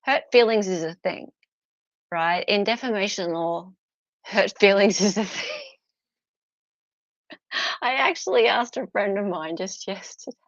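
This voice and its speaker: A woman's voice: medium pitch, measured pace, long pauses, dry recording, highs cut off. An Australian woman hosting a casual live stream about a court trial, chatting and laughing with her viewers. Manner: chatty, laughs often, answers chat viewers; mocks posh barristers in put-on voices.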